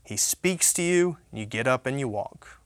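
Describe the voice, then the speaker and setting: A man's voice: medium pitch, expressive, measured pace. Emphatic, conversational male preacher. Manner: conversational, emphatic, frequent "right?" and restarts. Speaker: pastor. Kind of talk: sermon.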